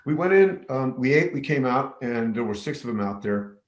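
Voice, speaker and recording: A man's voice: medium pitch, animated, normal speed, reverberant. A man, a middle school teacher from New Mexico, telling a personal story with many fillers and restarts. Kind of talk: personal story told to camera.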